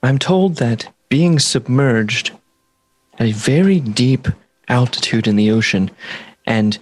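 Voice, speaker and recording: A man's voice: mid-range voice, no echo. A man playing his character in a tabletop game, earnest, curious and a bit hesitant. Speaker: player voicing his character. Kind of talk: in-character tabletop role-play.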